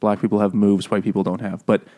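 A fast-talking man with a voice on the low side co-hosts a relaxed book-club podcast while drinking beer. He retells a plot in a lively style, swearing and joking throughout.

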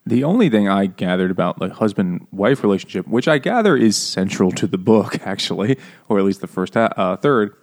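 A man with a somewhat low voice talks through ideas in a casual book chat. He is wry and thoughtful, pausing to restate his points. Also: lively intonation, darkish tone. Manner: thoughtful, wry, with small laughs. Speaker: podcast co-host.

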